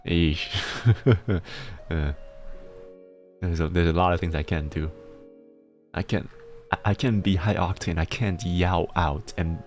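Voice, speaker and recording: A man streaming casually with a deep bass voice, relaxed and often chuckling, talking in fits and restarts. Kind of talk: casual chat with chat readers.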